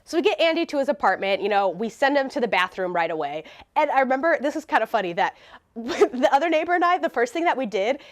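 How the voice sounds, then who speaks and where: A woman telling a storytime vlog, animated and laughing as she talks. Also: high voice, fast. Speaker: vlogger.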